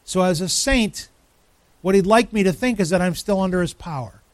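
A man preaching a sermon, emphatic, with dramatic pauses, rising lines and sudden drops to a hush. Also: high voice, no room sound. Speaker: pastor.

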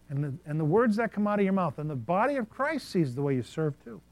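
Animated male preacher telling stories. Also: on the high side, brisk, few pauses. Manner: animated, swings between soft asides and loud bursts. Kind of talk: sermon storytelling.

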